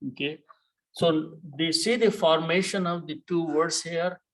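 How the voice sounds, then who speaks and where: Guy teaching quran real slow, kinda high voice, keeps saying okay. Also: steady tone, low-quality recording. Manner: deliberate, repeats key words, many "okay"s. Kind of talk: slow explanatory lesson.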